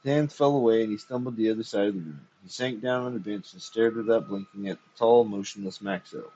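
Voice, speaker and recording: Husky low-voiced guy reading a story, steady and measured, muffled lo-fi audio. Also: slight background noise. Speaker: reader. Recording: dull lo-fi recording.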